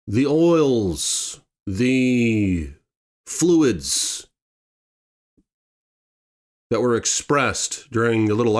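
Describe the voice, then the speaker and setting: Guy telling a story, animated, swears a lot, voice swings up and down. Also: mid-range voice. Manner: animated, swearing, acts out scenes. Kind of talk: casual storytelling.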